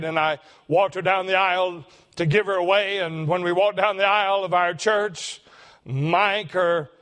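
Older preacher telling a story. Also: male voice, sits high, fairly bright tone. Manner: emotional, slows for emphasis. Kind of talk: sermon storytelling.

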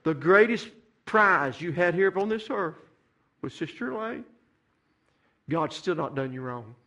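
A man's voice: high-pitched, animated, measured pace. A middle-aged man preaching a sermon, building to fervent, repeated climaxes. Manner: rising to fervent shouted climaxes, repetitive preaching cadence. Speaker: pastor.

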